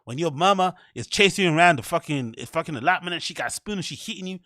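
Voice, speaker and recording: A British man putting on an exaggerated, mocking Southern American caricature voice with a high, sing-song drawl. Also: animated, fast, bright, forceful tone, no echo, clean studio sound. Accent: put-on Southern American.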